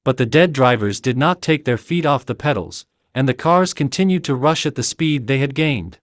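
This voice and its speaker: Male audiobook narrator, mid pitch, steady even read, dry close sound. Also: moderate pace, no echo. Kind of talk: scripted narration.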